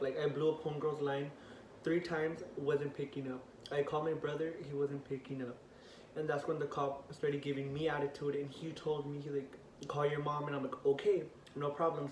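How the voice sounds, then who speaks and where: A teenage young man telling a storytime vlog, animated and profane, acting out what people said with rising outrage. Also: fairly high pitch. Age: teens. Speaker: vlogger. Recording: echoey room, voice a bit off-mic, faint hiss.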